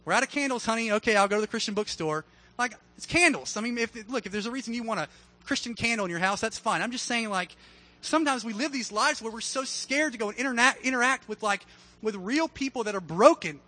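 A man delivers a sermon in a loose, conversational style, full of humor. His voice sits high and sounds bright. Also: fairly quick, rough recording. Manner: casual, conversational preaching with humor. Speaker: pastor.

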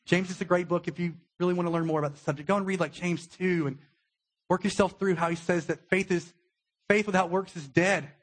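A young adult man, a pastor, giving a conversational sermon with a husky voice and acted-out quotes. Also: sits high, fairly even intonation, brisk. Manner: conversational preaching with acted-out quotes, emotional at times.

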